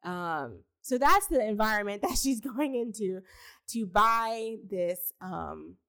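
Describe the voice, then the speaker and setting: In a casual film review chat, a young podcast co-host talks in a mid-range, gravelly, slightly bright voice. She laughs a lot, curses, and uses plenty of filler words.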